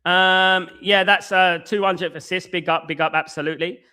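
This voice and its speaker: A man hosts a live football stream. His voice sits high and sounds forceful. He talks casually and keeps repeating himself as he greets viewers. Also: fairly even intonation, normal speed, clean tone. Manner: repetitive, conversational, greets viewers by name. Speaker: football channel host. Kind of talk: live-stream football talk, reading chat.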